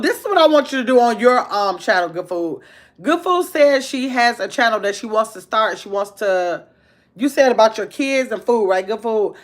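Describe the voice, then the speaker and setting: A woman's voice: a little high, a bit bright. A woman from Wisconsin hosting a casual livestream, chatting loosely and greeting viewers by name as she reads their comments. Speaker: livestream host.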